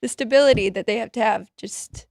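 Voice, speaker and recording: A woman with a high voice co-hosts a sports talk show and answers in short, agreeable bits. Her voice sounds dry and close to the mic. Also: fast, gravelly, darkish tone, no echo. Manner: brief, agreeable replies. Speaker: co-host. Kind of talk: casual podcast banter.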